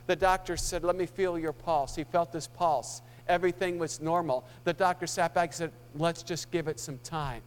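A man preaching a sermon and telling a story, swelling louder on key points and dropping soft and low for tense moments. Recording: hall reverb with mains hum.

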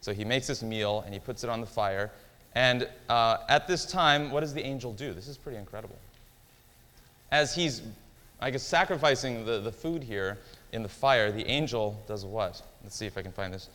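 A man's voice: medium pitch, normal speed, a bit bright. A man teaching a Bible lesson in a casual, conversational way, often quizzing his listeners with questions. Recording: long hall reverb.

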